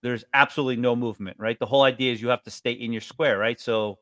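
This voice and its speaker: A man's voice: quick pace, no room sound, studio quality. A man in his forties from New York State, telling stories in casual chat. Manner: animated storyteller, jumps up in pitch.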